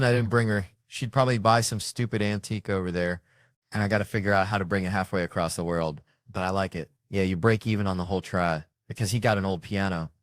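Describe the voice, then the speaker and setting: An American man, a comedian guest, telling stories in a casual, rambling, self-mocking way with quick asides. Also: lowish voice, no echo, studio quality. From United States. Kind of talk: casual storytelling chat.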